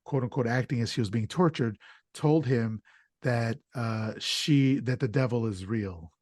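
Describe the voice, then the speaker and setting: A man hosting a podcast, retelling the plot of an old film in an animated, casual way with fillers. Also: medium pitch, a little slow, no echo, studio quality. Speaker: podcast host.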